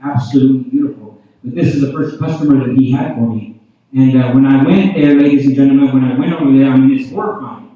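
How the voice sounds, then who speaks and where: A man rushing through his revival testimony and turning to the congregation again and again. His voice sits mid-range and comes through thin and tinny, as if over a phone line. It booms back from a big reverberant hall, picked up from well away from the microphone. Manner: addresses the crowd often, repeats "you know what I mean?". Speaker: preacher giving testimony. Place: large church hall. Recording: tinny, very echoey hall from far off.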